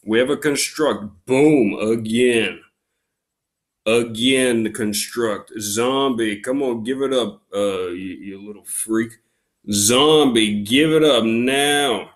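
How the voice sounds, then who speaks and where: A man giving casual unboxing commentary at a slow, drawn-out pace, with a voice of ordinary pitch. He complains in exaggerated outrage and punctuates it with loud exclamations. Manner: exasperated, mock-outraged griping with loud exclamations. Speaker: YouTube unboxing host.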